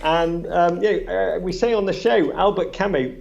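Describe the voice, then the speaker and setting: A podcast creator on a live panel tells animated, chatty stories to an audience in a small event space, restarting often and acting out quotes in a raised voice. His voice is high-pitched and gravelly with a darkish tone, moving at normal speed. The audio sounds dull.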